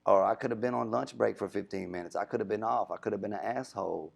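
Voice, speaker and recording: Deep gravelly man telling a story. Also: fast. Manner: animated storyteller, acts out quoted voices. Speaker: radio DJ. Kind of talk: casual storytelling interview.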